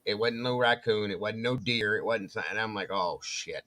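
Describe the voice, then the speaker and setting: His voice is lowish and his delivery a little fast. The co-host tells a lively story in casual conversation, slipping into the voices of those he quotes.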